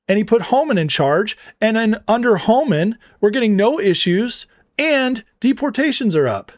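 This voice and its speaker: A man's voice: high-pitched, sing-song, moderate pace, dry recording, studio quality. A man hosting a political commentary show, ranting with heated scorn and slipping into storytelling asides. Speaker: show host.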